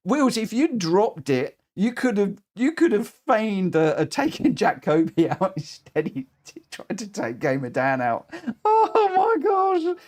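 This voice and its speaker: Excitable high-voiced man commentating. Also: a little slow, few pauses. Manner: excitable, shrieks and laughs as the race unfolds; cheers drivers on with repeated phrases. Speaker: racing game streamer. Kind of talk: live race commentary.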